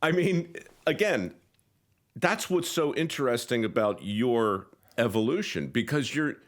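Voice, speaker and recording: A man's voice: medium pitch, animated, measured pace. A man hosting an interview podcast, talking in a wry, joking way with playful emphasis. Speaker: podcast host. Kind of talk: interview conversation.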